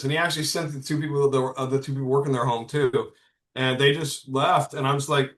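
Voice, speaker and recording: A man's voice: medium pitch, fairly even intonation, brisk, a bit bright. Rambling middle-aged man in a roomy space. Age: 50s. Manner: rambling, frequent restarts and profanity. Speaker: comics publisher guest. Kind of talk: casual podcast storytelling.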